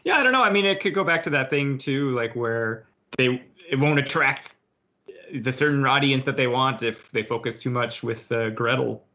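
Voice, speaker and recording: A podcast co-host chatting casually about a movie, agreeable and quick to laugh along. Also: mid-range voice, muffled recording.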